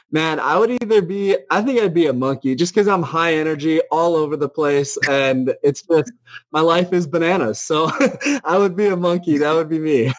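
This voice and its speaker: A chatty, upbeat man reading listener questions for a casual chat show. His voice sits a little high for a man, and the recording is close and dry. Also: no room sound, rough recording. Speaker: podcast co-host.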